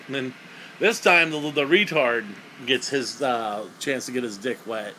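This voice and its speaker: A man's voice: mid-range voice, measured pace, bright, forceful tone, slight background noise, poor audio. A young man giving a crude, sarcastic, rambling comedic movie review.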